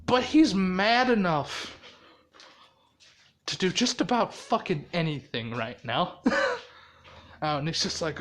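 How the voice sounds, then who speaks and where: Laughing, profane storyteller, slow unhurried telling, casual improv. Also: mid-range voice, sing-song. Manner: laughs often, swears heavily.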